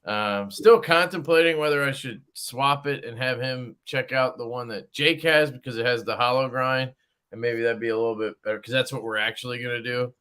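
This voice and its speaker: Bright-voiced joking male stream host. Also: medium pitch, clean tone. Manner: crude, joking, greets viewers by name. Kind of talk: casual livestream chat.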